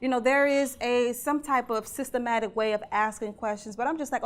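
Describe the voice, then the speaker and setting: A woman giving a conversational keynote talk, earnest and animated, putting questions to her audience. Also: fairly high pitch, a little fast, few pauses. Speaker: keynote speaker.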